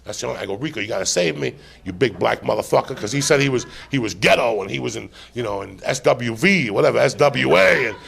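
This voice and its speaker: Gravelly man telling a raunchy story. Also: mid-range voice, fast talker, hardly any pauses. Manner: animated, swearing, laughing as he tells. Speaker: podcast host. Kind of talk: profane comic storytelling. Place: live podcast stage.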